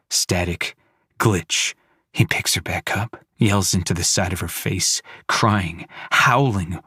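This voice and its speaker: Slow, low-voiced male horror narrator. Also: breathy edge, dry recording, studio quality. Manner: clipped, fragmented, hushed. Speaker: audiobook narrator. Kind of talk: first-person horror audiobook narration.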